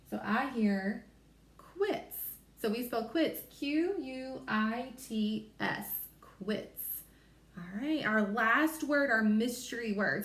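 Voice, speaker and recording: A woman teacher giving a recorded phonics lesson to young children, sounding out letters and word parts slowly and clearly. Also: a little high, reverberant.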